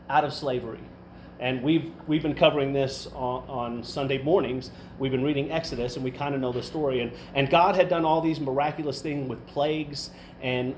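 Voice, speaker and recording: A man with a fairly high voice preaches a casual, storytelling sermon. He acts out the voices and builds to animated peaks. The room is echoey, with a faint noise underneath. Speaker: pastor.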